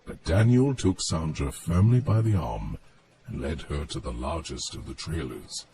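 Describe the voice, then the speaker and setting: Brief: male storybook narrator, very deep, unhurried, animated pitch, soft music underneath. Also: gravelly. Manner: measured, expressive storytelling. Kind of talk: storybook reading.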